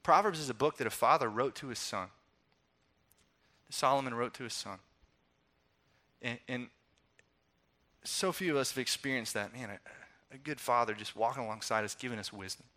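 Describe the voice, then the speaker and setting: Bright-voiced man preaching conversationally. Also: mid-range voice, moderate pace, pauses often. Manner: conversational, animated storytelling with acted-out quotes. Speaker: pastor. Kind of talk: sermon.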